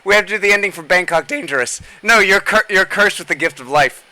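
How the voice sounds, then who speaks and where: A man with a bright, sharp, fairly high voice ribs his friends in mock-serious tones. He stumbles and restarts as he talks. It is casual banter on a stream. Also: fast.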